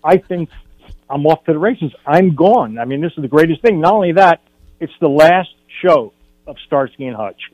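An older man, a film director, telling stories as a guest in a radio studio interview, animated and acting out what people said. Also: a little high, moderate pace, no echo, dull audio. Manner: animated anecdote teller, acts out quotes.

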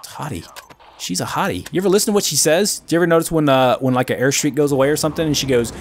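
Casual male let's-play commentator, self-deprecating, animated delivery with sudden yelps. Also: a little high, very fast, a little hiss or hum. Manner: self-mocking, excitable outbursts and muttering. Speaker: gaming commentator.

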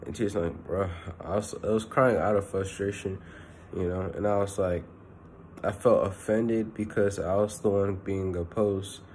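A man's voice: fairly low pitch, steady tone, moderate pace, a little mellow, a little hiss or hum. A young man giving a casual, earnest spoken sermon, rambling with constant "you know" fillers. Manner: earnest and personal. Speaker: preacher.

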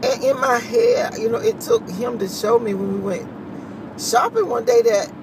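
A chatty woman, talking to her viewers in a lively, swooping voice and laughing often. She sounds a bit far from the phone mic. A steady noise runs behind her. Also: fairly high pitch, normal speed. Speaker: vlogger. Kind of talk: casual morning chat to viewers.

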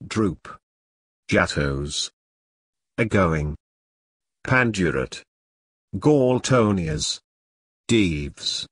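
Slow husky man reading single words. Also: fairly low pitch, a bit bright, no room sound, studio quality. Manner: one word at a time with pauses between. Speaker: word-list reader. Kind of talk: reading isolated vocabulary words.

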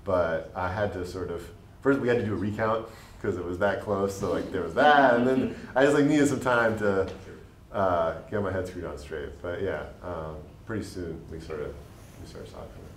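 A man's voice: low voice, expressive, normal speed. A man, a state legislator answering at a panel in an earnest, rambling way, full of fillers. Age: late 20s. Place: public panel event room. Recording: echoey room, faint background noise.

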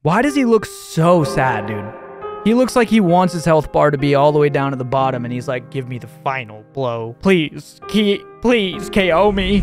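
Excitable young guy reacting to memes. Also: on the high side. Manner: excitable, slangy, does silly voices. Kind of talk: casual reaction commentary. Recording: music playing behind.

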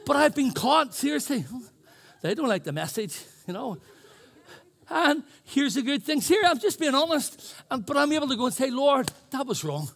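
A man's voice: very high voice, lively intonation, moderate pace, gravelly, a bit bright. A male pastor preaching a sermon in church, earnest and chatty, telling stories. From New Zealand. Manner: earnest, chatty, self-deprecating storytelling.

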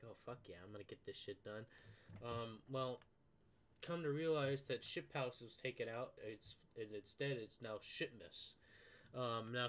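A man's voice: medium pitch, a bit bright. A man ranting about a video game, swearing constantly in a heated, exasperated way. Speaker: gaming vlogger. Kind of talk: profane gaming rant.

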